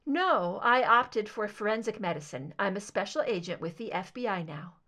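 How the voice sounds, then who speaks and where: A woman's voice: medium pitch, expressive, normal speed, bright, forceful tone. A woman doing a coldly furious female agent. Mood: cutting. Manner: cool, cutting. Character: bitter female FBI agent, cold fury. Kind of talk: audiobook reading of fan fiction.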